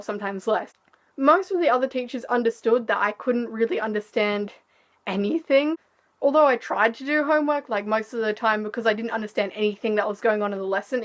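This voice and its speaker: Teen girl vlogger, slightly high, candid and sarcastic storyteller. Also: a bit bright. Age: teens. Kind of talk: storytime vlog.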